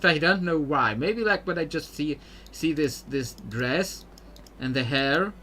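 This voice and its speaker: A man's voice: a little high, lively intonation, slow pace, sharp tone, slight background noise. A man streaming a game, chatting casually and thinking aloud as he clicks through quests. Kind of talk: casual let's-play commentary.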